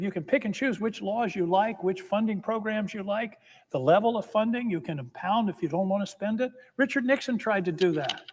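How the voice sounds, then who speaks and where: A man giving a formal, impassioned floor speech as a senator, emphatic and building with repeated phrases. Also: high-pitched. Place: legislative chamber. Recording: long reverb of a large chamber.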